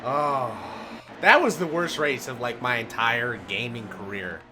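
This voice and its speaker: A man giving live commentary on a racing game, grumbling and ranting, swinging from low muttering to loud outbursts. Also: animated, unhurried. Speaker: gaming video host. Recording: game engine noise behind voice. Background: racing game car sounds.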